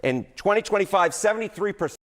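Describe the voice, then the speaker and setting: Man, slightly higher voice, brisk, news poll analysis. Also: animated, fairly bright tone. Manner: brisk, number-heavy explaining. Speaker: polling analyst.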